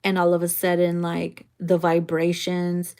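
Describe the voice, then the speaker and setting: A woman's voice: fairly low pitch, completely flat delivery, measured pace, a little mellow, clear, resonant tone. A woman doing a tarot reading in a casual, bawdy, playful way, laughing often and tossing in slangy asides. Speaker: tarot reader.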